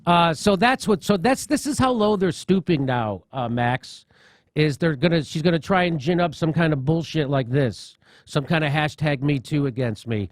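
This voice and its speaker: A man's voice: fairly high pitch, expressive, normal speed, dry recording. A male talk-show host telling a story in a mocking, profane way. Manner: profane, mocking, laughs at own jokes.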